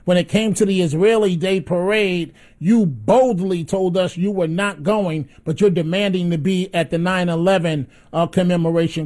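A man's voice: sits high, moderate pace, hardly any pauses, darkish tone. A man hosting call-in talk radio, upbeat and chatty, combative about politics. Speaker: radio talk show host.

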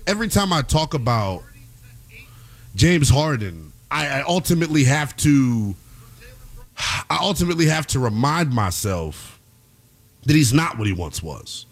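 Animated man giving heated basketball commentary. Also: fairly high pitch. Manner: emphatic, swings between loud outbursts and fast asides. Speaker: basketball show host.

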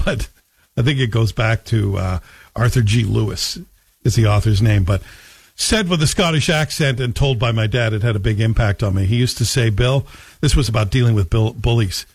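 A man's voice: medium pitch, husky, no echo. A man hosting a talk radio show, delivering a combative, emphatic monologue with folksy stories. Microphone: studio microphone.

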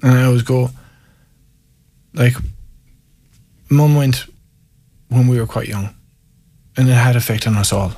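A man's voice: mid-range voice, a little slow, pauses often, dark tone. A man from County Mayo with an Irish accent, a guest telling candid, self-mocking stories and reflecting openly in conversation. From Ireland, County Mayo. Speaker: guest, former Gaelic footballer. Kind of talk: storytelling in conversation.

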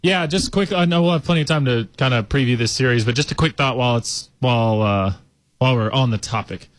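Laid-back sports radio analyst, dry studio. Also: male voice, mid-range voice, fast, no room sound. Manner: thoughtful, hedging, talks through ideas. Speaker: radio sports show co-host.

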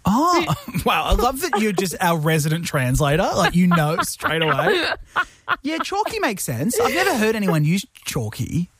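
Playful male radio host, lively voice. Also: high-pitched, breathy edge. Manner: playful, teasing, quick to laugh. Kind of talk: casual radio banter. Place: radio studio.

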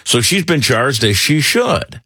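A middle-aged man hosting talk radio, rambling and animated with lots of fillers. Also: mid-range voice, a little slow, husky, no echo, studio quality. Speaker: radio talk show host. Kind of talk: casual talk radio banter.

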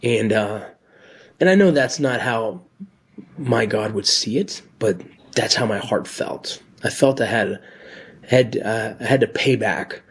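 A middle-aged man, a former border patrol agent and medic, tells his story earnestly on a radio show, pausing with fillers. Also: on the low side. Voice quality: very husky, raspy voice. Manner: earnest, heartfelt, halting with fillers.

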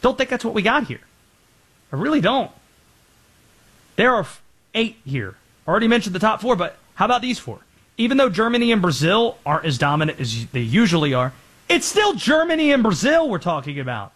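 A man hosting a sports talk show, running through quick energetic opinions and reading an ad spot. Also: slightly rough. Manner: quick energetic delivery with lively pitch swings.

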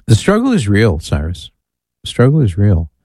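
Radio host guy, mellow voice, dry close mic, joking around reading listener emails. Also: lowish voice, huge pitch swings, moderate pace, no echo. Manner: playful, reads lists aloud with amused asides. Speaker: radio call-in show host. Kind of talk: casual talk radio.

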